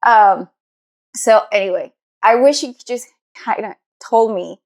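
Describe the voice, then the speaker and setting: A woman's voice: on the high side, unhurried. A young woman co-hosting a podcast, talking in a rambling, hesitant way with lots of fillers. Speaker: podcast co-host. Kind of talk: casual chat.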